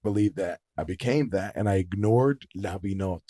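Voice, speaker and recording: A young man on a podcast as the guest, telling stories in an animated, casual way and swearing freely. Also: deep voice, normal speed. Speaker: podcast guest, singer-songwriter. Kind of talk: casual storytelling chat.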